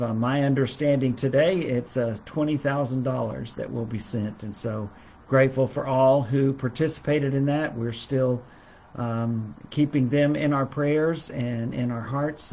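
Halting, mid-pitched man teaching a Bible lesson. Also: fairly even intonation, darkish tone, slight background noise. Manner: halting, many fillers and restarts. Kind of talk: livestreamed Bible class.

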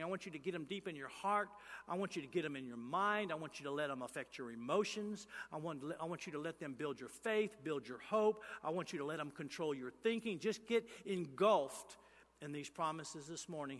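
A male pastor, preaching a sermon with emphatic, repetitive lines that swing between loud and hushed. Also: fairly high pitch, long reverb tail.

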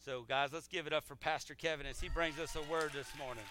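A man's voice: on the high side, steady tone, fast talker, heavy background noise. A man making church announcements to a congregation, enthusiastic and repeating himself as he rallies people to give. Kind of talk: casual church announcements before the sermon.

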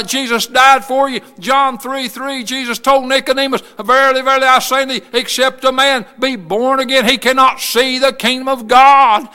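A male pastor preaching a sermon with fervour, reading scripture and rising to shouts of praise. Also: extremely high pitch, clear, resonant tone.

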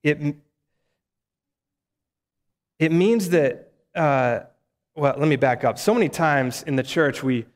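A man preaching a sermon in a conversational way, often asking the listeners rhetorical questions. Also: a little high. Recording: echoey hall reverb.

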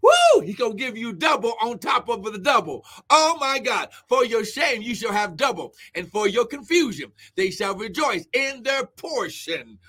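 A man preaching a fervent live-streamed sermon, shouting exclamations of glory and breaking into tongues as he prays. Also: extremely high pitch, lively intonation, moderate pace, hardly any pauses. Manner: speaks in tongues between phrases.

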